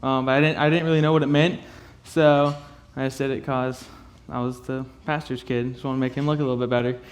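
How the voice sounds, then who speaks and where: A young man gives a halting personal testimony to a youth group in a flat, mid-range voice. It's full of fillers and nervous laughs, and he's close to tears.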